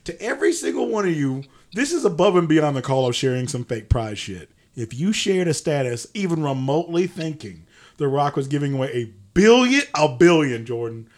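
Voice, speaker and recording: Young male podcast co-host, a bit higher-pitched, full of lively mock disbelief, with profanity and laughs breaking into his lines. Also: a little fast. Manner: animated, mock-incredulous, swears, laughs mid-sentence. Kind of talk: comedic podcast banter.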